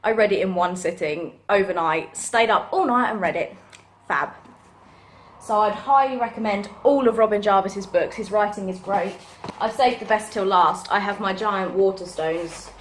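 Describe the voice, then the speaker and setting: A young woman gushing excitedly as she chats through a book unboxing. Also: medium pitch, normal speed, a little hiss or hum. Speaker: book vlogger. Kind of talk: casual unboxing chat.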